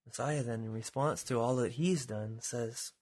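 A man preaching a sermon with a husky voice, dropping to quiet lines and then rising to loud, dramatic calls. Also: mid-range voice, moderate pace. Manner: dramatic, swings from hushed to shouting.

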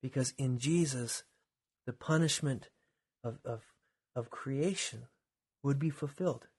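A man preaching a sermon with a husky voice, dropping to quiet lines and then rising to loud, dramatic calls. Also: medium pitch, a little slow. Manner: dramatic, swings from hushed to shouting.

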